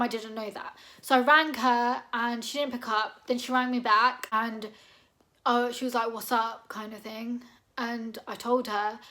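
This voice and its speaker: A woman, telling a personal story in a chatty, animated way and dropping low for asides. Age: 20s. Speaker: vlogger. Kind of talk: casual storytime chat.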